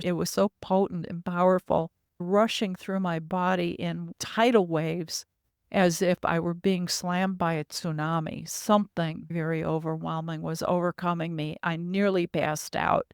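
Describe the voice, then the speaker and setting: A woman's voice: fairly low pitch, smooth, no room sound, clean studio sound. A woman, a podcast guest, earnestly recounting her own experiences in vivid detail.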